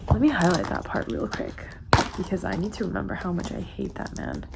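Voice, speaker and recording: Animated woman chatting about a book. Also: on the low side, a little fast, creaky, very noisy. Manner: emphatic, restless, frequent "like" and restarts. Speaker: book vlogger. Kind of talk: casual reading vlog, reacting and reading aloud.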